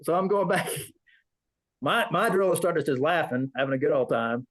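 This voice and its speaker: A man's voice: on the high side, expressive, moderate pace, fairly bright tone, rough recording. A man, a veteran, telling a rambling story in an interview, acting out the voices of people he quotes. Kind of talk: casual storytelling.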